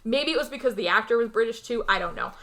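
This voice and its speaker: A woman's voice: a little high, expressive, quick pace, a loud crowd. A woman co-hosting a podcast, recapping a film in a rambling, filler-heavy way. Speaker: podcast co-host. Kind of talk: casual movie recap chat.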